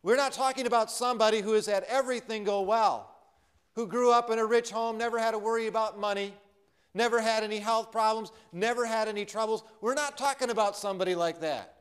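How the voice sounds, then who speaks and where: A man's voice: sits high, fairly even intonation, brisk, a bit bright, clear, resonant tone. An American man preaching a sermon as pastor, earnest and building on repeated refrains.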